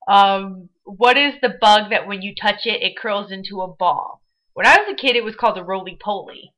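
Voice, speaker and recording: A woman's voice: mid-range voice, normal speed, fairly bright tone. A young woman from Michigan with a Midwestern American accent, chatting casually and bubbly in a vlog with frequent fillers. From Michigan, USA. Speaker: vlogger. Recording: dull lo-fi webcam audio.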